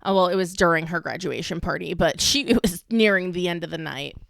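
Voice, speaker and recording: Young woman rambling on a podcast, lots of likes and laughs, smooth voice, lowish, dead dry sound. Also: a little fast, a bit bright, dry recording. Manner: rambling, heavy use of "like", laughs often. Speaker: podcast co-host. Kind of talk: casual chat.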